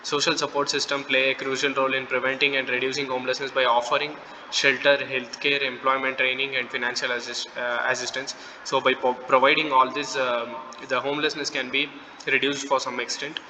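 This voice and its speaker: A man's voice: medium pitch, flat delivery, a little fast, pushed and bright. A young man giving a class presentation, reading steadily from notes with fillers. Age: young adult. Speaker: student presenter. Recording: long reverb, faint noise.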